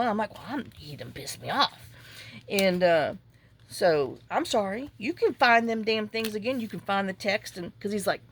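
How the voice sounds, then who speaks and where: A woman's voice: mid-range voice, very animated, moderate pace. A middle-aged woman talks casually as she works on a craft project. She rambles through a long story and acts out both sides of each conversation in her own voice. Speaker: junk journal crafter. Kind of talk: casual chat while crafting.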